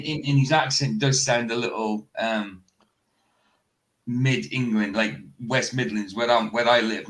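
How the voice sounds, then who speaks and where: A man's voice: mid-range voice, a bit bright, low-quality recording. A man from Fraserburgh chatting casually while reacting to a video, rambling and laughing often. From Fraserburgh, Scotland. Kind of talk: casual chat.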